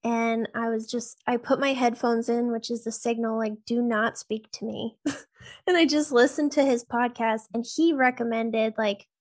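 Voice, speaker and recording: Brief: woman co-host, higher voice, chatty, quick to laugh. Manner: chatty, laughs easily, filler-heavy. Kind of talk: casual conversation.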